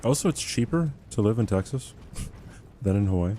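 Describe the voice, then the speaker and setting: A man's voice: lowish voice, lively intonation, normal speed, mellow, slight background noise. A young man livestreaming a game, chatting in a rambling, self-deprecating way and laughing often. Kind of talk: casual chat while gaming.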